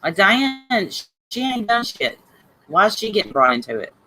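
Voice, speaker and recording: A woman's voice: medium pitch, big pitch swings, normal speed, bright, forceful tone, low-quality recording. A woman hosting a casual livestream, greeting viewers by name and talking bluntly and heatedly about online drama. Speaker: livestream host reading chat.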